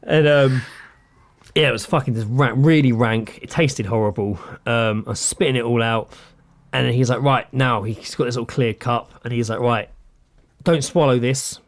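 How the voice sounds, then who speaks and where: A man's voice: medium pitch, normal speed. A man co-hosting a podcast, telling a story in casual chat and acting out what people said, with a lot of swearing. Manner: animated, acts out quotes with swearing. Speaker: podcast co-host.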